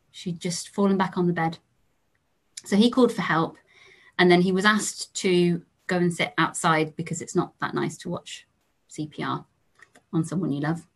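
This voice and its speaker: Calm English woman telling clinical stories. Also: lowish voice. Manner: calm, measured, with soft trailing endings. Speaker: lecturer, GP trainee. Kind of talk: storytelling lecture.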